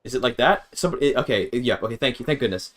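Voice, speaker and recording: A man's voice: mid-range voice, expressive, quick pace, a bit bright. A man streaming a game, rambling and thinking aloud, often interrupting himself and swearing casually. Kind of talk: casual gaming stream chat.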